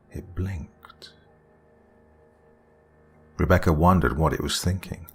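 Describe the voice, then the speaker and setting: A man narrating a scripted horror story in a hushed, dramatic storytelling manner. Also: rumbling low.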